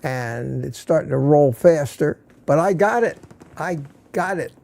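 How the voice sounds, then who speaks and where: A friendly man hosts a casual evening livestream from home, reading names from the chat and joking along. His voice sits a little high for a man, with a mellow, soft-edged tone. He talks loosely and easily, with no script. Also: lively intonation, measured pace, vocal fry. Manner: chatty, greets viewers by name with small jokes. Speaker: livestream host.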